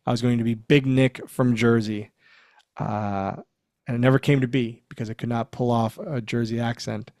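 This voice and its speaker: A man's voice: mid-range voice, normal speed, no room sound, clean studio sound. A man in his forties, a former wrestler, telling backstage stories in a casual interview, acting out quotes and laughing often. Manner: animated storyteller, acts out quotes, laughs often.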